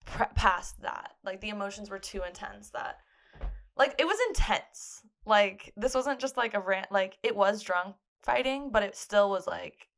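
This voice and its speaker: A young woman with a gravelly, creaky edge retells a story in a casual podcast chat. Her voice sits in a middle pitch range, and she scatters "like" through her sentences as she narrates. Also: unhurried, a bit bright. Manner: storytelling with frequent "like" fillers. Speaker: podcast co-host.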